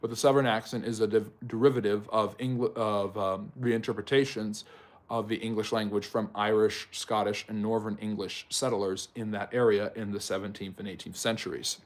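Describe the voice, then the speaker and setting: A man's voice: lowish voice, steady tone, normal speed. A man hosting a live history Q&A stream. He answers viewers by name and explains at length, with frequent ums and self-corrections. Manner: talks directly to chat viewers by name. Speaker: history channel host.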